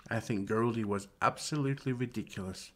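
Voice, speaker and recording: A man's voice: on the low side, fairly quick, fairly bright tone. A man reading the lines of a young girl cousin in a children's story, dismissive and teasing. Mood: scoffing.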